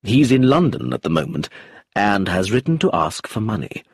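A man voicing a fond, anxious middle-aged husband who talks in an earnest, gentle way in a storybook reading. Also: fairly low pitch, very animated, normal speed, slightly rough, no room sound, studio quality, full character voice.

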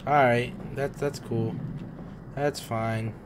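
Young male streamer, mid-pitched, jumpy horror-game chatter full of slang and swearing. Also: takes it slowly, noisy background. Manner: excitable, swearing, talks to the screen with slang. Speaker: gaming streamer. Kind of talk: casual horror game commentary.

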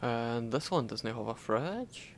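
Young Scottish guy, relaxed let's-play co-host, mid pitch. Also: takes it slowly, slight background noise. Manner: laid-back, joking asides while playing. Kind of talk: casual gaming chat.

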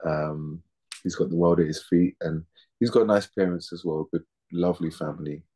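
A man's voice: low-pitched, fairly even intonation, normal speed, warm tone, slightly rough. A man in his thirties, an actor chatting casually in an interview, laid-back and slangy, often repeating words as he thinks.

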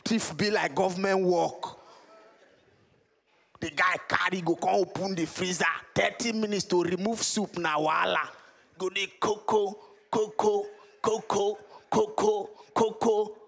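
A man telling a comic story in Nigerian Pidgin, animated and laughing as he acts out the scenes. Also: high-pitched, unhurried, vocal fry. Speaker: stand-up comedian.

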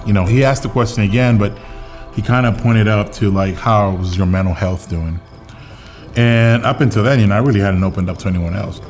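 Young guy, documentary storyteller, low-ish voice, loose and chatty, music bed underneath. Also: a little mellow. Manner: casual, lots of filler words, acts out quotes. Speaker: interviewee telling his story.

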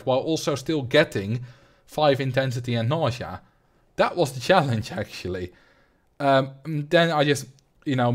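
Young dutch guy rambling on a game stream, mid pitch, reads chat and answers. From Netherlands. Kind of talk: casual livestream chat.

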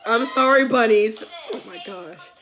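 A woman's voice: a little high, unhurried, a bit bright. A woman hosting a reaction video, chatty and rambling, laughing often. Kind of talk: casual reaction commentary.

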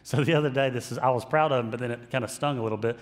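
A man's voice: mid-range voice, rapid-fire, long reverb tail. A male pastor preaching a sermon in a conversational style with self-deprecating humor.

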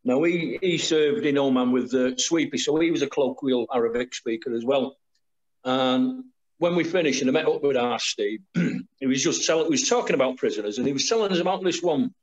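A man's voice: medium pitch, animated, brisk, rough recording. A middle-aged man, an army veteran, telling war stories in plain, dialect-tinged speech over a video call. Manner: plain storytelling with dialect grammar.

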